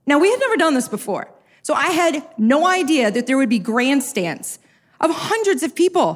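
A woman's voice: high voice, normal speed. A woman telling a humorous personal story to a live audience, self-mocking and acting out what people said. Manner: lively, self-mocking, acts out quotes. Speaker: speaker sharing a personal story.

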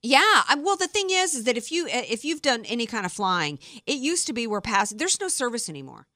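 A woman from the American Deep South, hosting a talk radio show with emphatic, opinionated chatter. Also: very animated, bright, forceful tone, no room sound, clean studio sound. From Deep South of the United States. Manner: emphatic, opinionated, quick asides.

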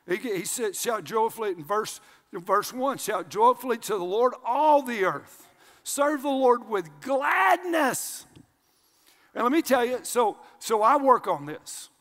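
High-voiced older pastor preaching in a hall. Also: male voice, unhurried. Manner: energetic, swinging from shouts to hushed asides. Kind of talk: sermon. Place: large church sanctuary. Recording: long hall reverb.

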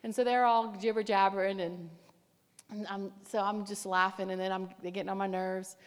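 A woman preaching a sermon, telling a personal story in an animated, emphatic way. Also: medium pitch, normal speed, clean tone. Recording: echoey hall reverb.

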